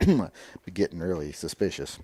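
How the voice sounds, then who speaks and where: A man's voice: deep voice, sing-song, slow, dark tone, slightly rough, no room sound. A man hosting a casual livestream chat, answering viewer comments in a blunt, opinionated, lecturing way. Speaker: livestream host.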